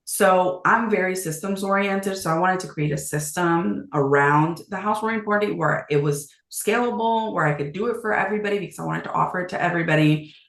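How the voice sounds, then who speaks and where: A woman in her thirties, a real estate agent, talking as a podcast guest in a brisk, casual way and laughing easily. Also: fairly low pitch. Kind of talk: casual interview chat. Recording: echoey room.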